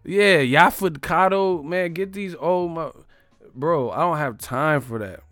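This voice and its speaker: A man's voice: on the high side, slow, a bit bright, no room sound, clean studio sound. A man hosting a live stream, riffing on chat with profane, laughing commentary.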